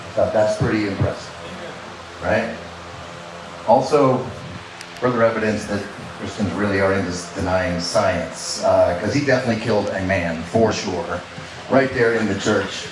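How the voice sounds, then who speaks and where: A man's voice: lowish voice, moderate pace, long pauses, far from the mic. A man doing a stand-up comedy set on stage, chatting with the crowd and often checking in with "right?". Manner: conversational, asks the crowd "right?" a lot. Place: comedy club stage with live audience. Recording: roomy live venue, faint noise.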